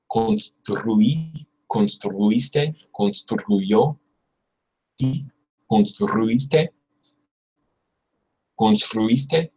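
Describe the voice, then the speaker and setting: A young man on a casual livestream, drilling Spanish verb conjugations aloud and answering viewers between attempts. His voice is a little low and husky. He takes his time, repeating the tricky words slowly. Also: dark tone, rough recording. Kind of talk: casual livestream study session.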